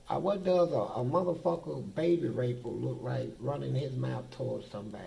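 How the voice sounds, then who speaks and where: An older man with a deep, heavily gravelly voice tells his stories bluntly, swearing freely and talking in a streetwise way. He speaks as a guest answering in an interview. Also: brisk, hardly any pauses, dark tone, slight background noise, poor audio. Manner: blunt, profane, streetwise storytelling. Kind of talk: casual storytelling.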